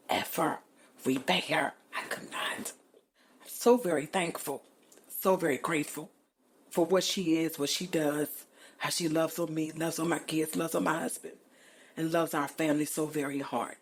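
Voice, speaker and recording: A middle-aged woman with a low voice hosts a podcast in a casual, chatty way. She speaks emphatically and playfully, leaning on colloquial phrasing. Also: slightly rough. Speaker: podcast host. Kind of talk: casual chat.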